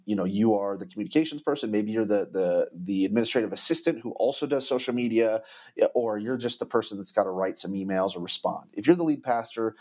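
A man's voice: lowish voice, a little mellow. A man talking casually as a podcast guest, earnestly explaining and giving practical advice on church communications.

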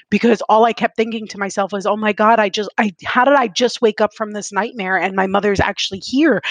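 A woman's voice: medium pitch, a bit bright, no echo. A woman co-hosting a podcast in casual chat, telling stories candidly and rambling, with laughs and moments where she is close to tears. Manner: emotional, close to tears when recounting. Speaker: podcast co-host.

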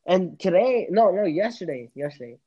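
A man's voice: high-pitched, very animated, normal speed, warm tone, lo-fi sound. A young man hosting a casual podcast chat, rambling and laughing with many restarts. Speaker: podcast host.

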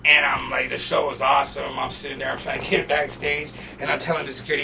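A man from Portland, Oregon, telling a story as a podcast guest in an animated, profane way. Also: mid-range voice, fast, gravelly, recorded from a distance, background noise. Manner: animated and profane, acting out quotes. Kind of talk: casual storytelling.

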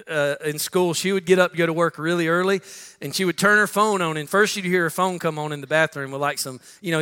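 A middle-aged pastor preaching in a high, bright voice. He talks conversationally, keeps saying "listen" and acts out little quotes. His voice rings through a large church with a long reverb. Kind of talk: sermon. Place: church sanctuary.

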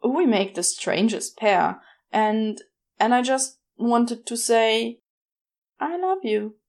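A woman voicing a gentle, fond male angel in a podfic reading. He speaks in a soft, earnest, tender way. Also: a little high, takes it slowly.

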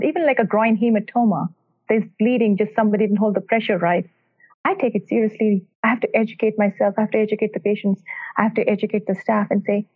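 A woman's voice: medium pitch, steady tone, quick pace, slightly rough. Earnest woman doctor on a tinny line. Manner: earnest and emphatic, telling patient stories. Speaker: cardiac electrophysiologist guest. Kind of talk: podcast interview answers. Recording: tinny phone-line sound.

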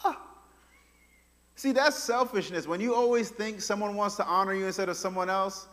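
A man preaching in a casual, conversational way with a fairly high voice. He moves between loud bursts and near-hushed stretches, and a long reverb trails each phrase. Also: brisk. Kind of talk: sermon.

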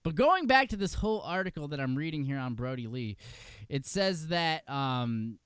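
A man's voice: a little high, animated, normal speed, a bit bright, smooth, no echo. A man co-hosting a podcast in casual chat, talking in a rambling way with many fillers and laughs. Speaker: podcast co-host.

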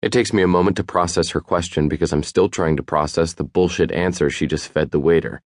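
A man narrating a first-person audiobook in a wry, even storytelling manner. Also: deep voice, brisk, no echo, studio quality.

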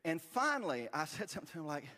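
A man in his forties preaching a sermon, telling a self-deprecating story in a lively, storytelling manner. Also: fairly high pitch, fast talker, long reverb tail. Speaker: pastor. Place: church sanctuary.

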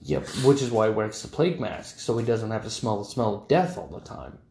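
Blunt, enthusiastic man, gravelly mid-pitched voice, casual gaming talk in a roomy space. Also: big pitch swings, fairly quick, warm tone, a little hiss or hum. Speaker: tabletop gaming podcast co-host. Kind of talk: casual banter about tabletop games. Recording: echoey room.

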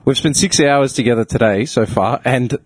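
A man's voice: medium pitch, normal speed, breathy edge, no room sound. A man hosting a podcast in casual chat, laughing often, swearing and rambling through restarts. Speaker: podcast host. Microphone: studio mic.

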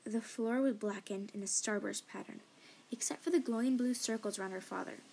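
A woman reading a novel aloud in first person, expressive and sometimes dropping to a whisper. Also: medium pitch, a little fast, creaky, slight background noise. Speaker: audiobook reader. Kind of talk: fan audiobook narration.

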